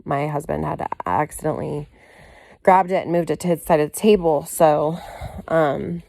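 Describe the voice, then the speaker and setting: A woman's voice: deep voice, normal speed, creaky, mellow, no room sound. A woman giving a candid, rambling personal video update, full of "you know" and "like" fillers and casual swearing. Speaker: vlogger.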